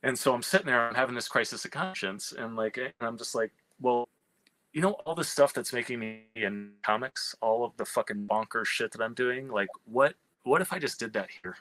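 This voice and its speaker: A man with a bright, forceful voice tells a story in a fast, profane ramble, stopping and restarting his sentences. The sound is dry and close, with no room echo. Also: medium pitch. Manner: animated, profane, many restarts. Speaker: screenwriter and comic writer. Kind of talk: candid conversational storytelling.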